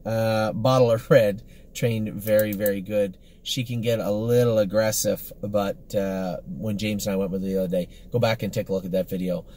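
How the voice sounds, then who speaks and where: A man's voice: lowish voice, fairly even intonation, normal speed, warm tone. A man, a horse trainer, giving a casual, rambling report on the day's training, upbeat and full of fillers and self-corrections.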